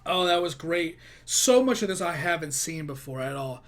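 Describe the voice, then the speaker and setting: A man's voice: a little high, lively intonation, moderate pace, a bit bright. A man hosting a reaction video, chatty and rambling in casual commentary. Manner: chatty, rambling, laughs easily.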